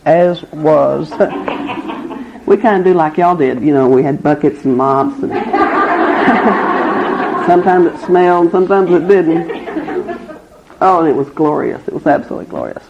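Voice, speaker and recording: A middle-aged woman gives a personal testimony at a recovery meeting, her expressive voice creaky and a little slow, with long pauses over a noisy background. She's frank and wry, laughing through hard memories, and the recording is muffled and low-fidelity.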